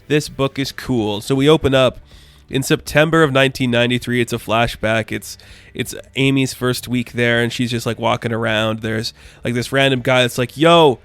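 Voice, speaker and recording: A man's voice: mid-range voice, a bit bright, clean tone, dry recording. A man giving a casual, enthusiastic spoken review of a comic book, rambling with lots of filler words.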